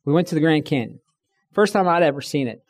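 A middle-aged man with a slightly high voice talks fast and animatedly to a room. He tells stories conversationally, imitates the people he quotes, and says he's tired.

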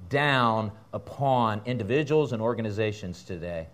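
Fiery, animated male preacher. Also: lowish voice, normal speed, few pauses. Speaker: pastor. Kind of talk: sermon. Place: church.

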